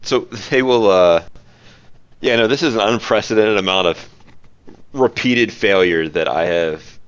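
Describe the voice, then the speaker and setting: A man's voice: fairly low pitch, unhurried, smooth. A man running a tabletop game as game master, teasing his players and laughing often. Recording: muffled lo-fi recording.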